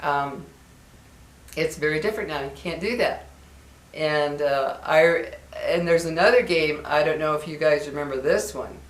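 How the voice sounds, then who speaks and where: A woman's voice: low-pitched, moderate pace, reverberant. An older woman and grandmother chatting casually to her viewers, reminiscing and acting out the voices she quotes. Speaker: vlogger.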